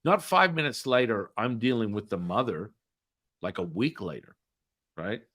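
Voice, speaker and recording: A man hosting a podcast, telling a story in a chatty way with many fillers and tag questions, and acting out the dialogue with big swings in pitch and loudness. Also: lively intonation, moderate pace. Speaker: podcast host. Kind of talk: animated storytelling.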